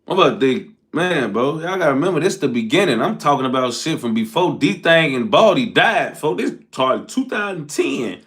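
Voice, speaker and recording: Young male storyteller, high bright voice, casual slang-heavy delivery. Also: normal speed, hardly any pauses. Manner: animated slang-heavy recounting, frequent "folks" tags. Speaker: storyteller host.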